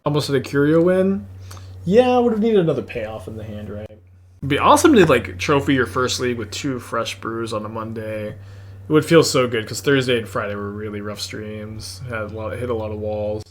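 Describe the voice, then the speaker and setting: A man with a Texas accent streaming an online card game, thinking aloud in rambling, excitable casual commentary into a desk mic. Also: medium pitch, brisk.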